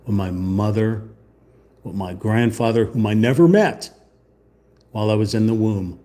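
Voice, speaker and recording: Brief: male live-stream host, low and mellow, slow drawl, sarcastic rambling chat. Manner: sarcastic, rambling, mock-indignant. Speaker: channel host. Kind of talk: casual live-stream chat while painting.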